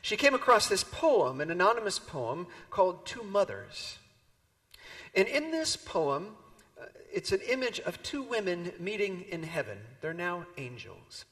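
A man preaching a sermon, telling a story and moving between loud emphasis and hushed, near-whispered lines. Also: high-pitched, very animated, a little slow. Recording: long hall reverb.

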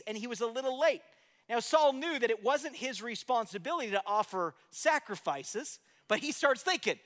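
A man with a strikingly high voice preaches a sermon. He retells the story in a relaxed, conversational way and keeps asking his listeners rhetorical questions. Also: long reverb tail. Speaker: pastor.

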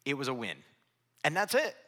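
A man's voice: medium pitch, normal speed. A middle-aged man preaching a sermon, telling humorous stories and tossing asides to the congregation. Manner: humorous, animated storytelling with crowd asides. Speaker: pastor. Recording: long reverb of a large hall.

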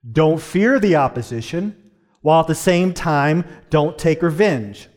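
A middle-aged man preaching a sermon as pastor, earnest, slowing his pace to stress key lines. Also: on the high side, lively intonation, a little mellow. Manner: earnest, varies pace, slows down for emphasis.

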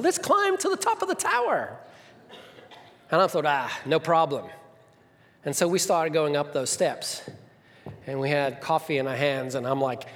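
Middle-aged male pastor, high-ish voice, animated storyteller, hall reverb. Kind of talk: sermon with personal stories. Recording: long reverb of a church hall.

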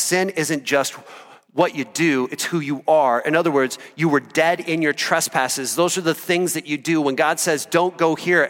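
A male pastor from Iowa preaches with passion. He builds to shouts, then drops to a hush. His voice sits slightly high and rings through a long church-hall reverb. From Iowa, USA. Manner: impassioned, swings from shouting to quiet and intimate. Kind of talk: sermon.

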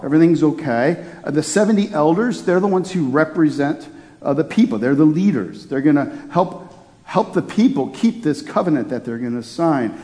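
A man's voice: fairly high pitch, a little mellow, long reverb tail. A man preaching a sermon in a conversational way, often restarting his phrases. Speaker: pastor.

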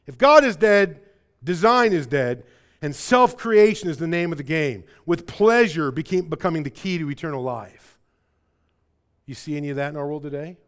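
A man preaching with a Chicago-area accent and a fairly high voice. He swings from loud, emphatic stretches to low, quiet ones, tripping over and repeating words when he gets going. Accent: Chicago-area American. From American Midwest. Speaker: pastor. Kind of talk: sermon.

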